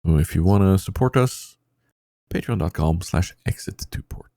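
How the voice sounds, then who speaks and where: A man's voice: deep voice, expressive, normal speed, dark tone, dry recording, clean studio sound. A man hosting a casual podcast, rambling with many fillers and poking fun at himself. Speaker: podcast host.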